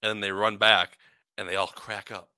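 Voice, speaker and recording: A man in his forties with a lowish but very sharp, bright voice, grumbling wryly in a casual podcast chat. He restarts his sentences often. The recording is dry and close. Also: flat delivery, normal speed, dry recording. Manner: dry, wry complaining with many restarts. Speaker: podcast co-host.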